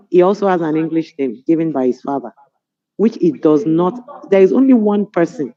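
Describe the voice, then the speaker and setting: A middle-aged Nigerian woman on a webinar panel, telling stories in an animated, amused way over a video call. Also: on the low side. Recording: dull lo-fi video call audio.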